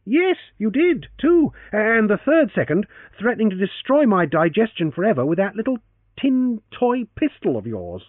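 A man's voice: high-pitched, big pitch swings, normal speed, no echo, voice pushed up. A man reading an audiobook and voicing a teasing, confident young man, over a tinny line. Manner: teasing, playful. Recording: tinny phone-like, dry.

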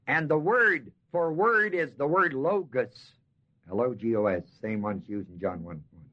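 A man with a mid-range voice, bright and forceful with big pitch swings, preaches an expository sermon on a Bible passage from a dull lo-fi sermon tape. Folksy in manner, he leans on drawn-out key words and puts questions to his listeners.

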